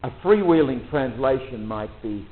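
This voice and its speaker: A man leading a retreat talk for priests, relaxed and conversational, often pausing with ums and restarts. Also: medium pitch. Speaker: retreat leader. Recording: tinny phone-like audio.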